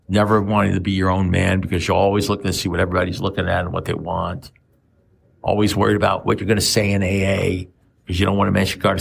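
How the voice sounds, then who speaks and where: Gravelly low-voiced man in his seventies. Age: 70s. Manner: blunt, profane, repeats rhetorical questions. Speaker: AA speaker. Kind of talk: recovery meeting share.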